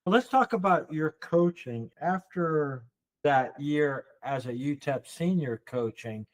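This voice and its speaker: A male podcast host leads the interview with short, easy questions and quick replies. His voice sits a bit high. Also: animated. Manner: brief backchannel replies, asks questions.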